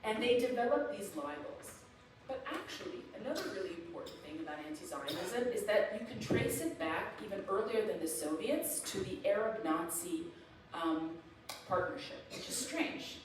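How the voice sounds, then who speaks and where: A woman's voice: mid-range voice, expressive, normal speed, background noise. A woman giving a public lecture with slides, speaking emphatically and with animation. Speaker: guest lecturer. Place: event hall. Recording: echoey hall, distant mic, faint ambience.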